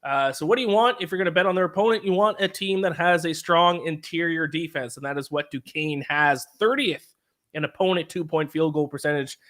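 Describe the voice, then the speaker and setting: Male betting podcast host, bright, a bit higher voice, leads the chat. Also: brisk. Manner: leads the segments and asks his co-host questions. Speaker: sports betting show host.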